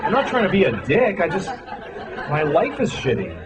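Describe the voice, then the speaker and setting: A man with a slightly high voice and lively swings of pitch works the room, talking casually and mocking himself. The crowd is loud and the live room is noisy behind him. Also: normal speed. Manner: self-deprecating, conversational, hesitant with fillers. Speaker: stand-up comedian. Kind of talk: stand-up routine. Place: comedy stage before a laughing audience.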